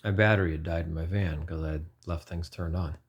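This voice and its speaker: A man's voice: low voice, steady tone, a little fast, breathy edge, muffled recording. A man in his forties giving an informal, earnest personal testimony, rambling and often correcting himself mid-sentence. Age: 40s. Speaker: lay preacher.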